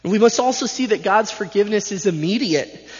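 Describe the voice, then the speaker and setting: A man's voice: high voice, expressive, fairly quick. A male pastor delivering a sermon with an emphatic, repetitive preaching cadence. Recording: dull sound with long hall reverb.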